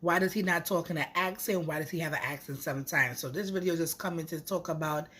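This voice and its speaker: Husky-voiced woman vlogging. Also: low-pitched, fast talker. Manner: chatty, rambling, with lively asides. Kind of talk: casual chat to camera.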